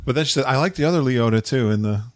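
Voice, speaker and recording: A man's voice: medium pitch, rapid-fire, no room sound, clean studio sound. A man hosting a podcast in casual chat, chatty and laughing often. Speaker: podcast host.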